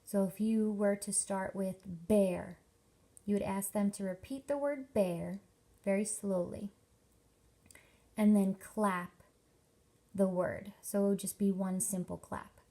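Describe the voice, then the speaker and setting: A young woman teacher giving a workshop presentation to parents, explaining slowly and carefully with lots of examples. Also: mid-range voice, dark tone. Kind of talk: instructional presentation.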